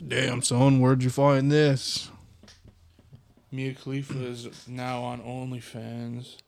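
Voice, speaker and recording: A man co-hosting a podcast, tossing out quick joking asides in casual chat. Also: mid-range voice, monotone, creaky, darkish tone. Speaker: podcast co-host.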